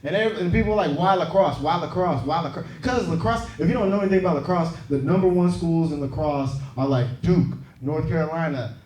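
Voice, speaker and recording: Stand-up comic from Seattle, roomy club. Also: male voice, a little high, quick pace, few pauses, slight background noise. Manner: conversational, teasing the crowd. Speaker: stand-up comedian. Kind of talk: stand-up comedy set. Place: comedy club stage with laughing audience. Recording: roomy club sound, loud crowd laughter.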